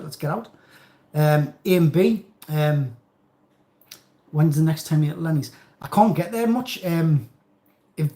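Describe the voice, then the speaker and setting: A chatty middle-aged man with a Geordie accent hosts a live stream from home, reading out comments and wandering off into jokes. His voice sits a little higher than most men's. The room gives it a noticeable echo. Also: mellow. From North East England. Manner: chatty, rambling, jokey. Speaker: channel host. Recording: roomy echo.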